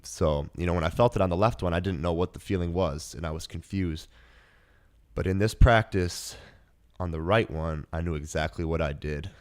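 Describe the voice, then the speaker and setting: A man's voice: low-pitched, moderate pace. A man in his twenties hosting a podcast, telling a personal story in an earnest, emotional way, with many fillers and restarts. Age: 20s. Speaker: podcast host.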